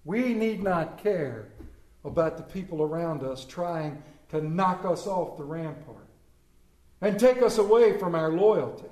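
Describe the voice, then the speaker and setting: A man preaching a sermon as pastor, impassioned, moving between hushed and emphatic delivery. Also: high voice. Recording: roomy echo.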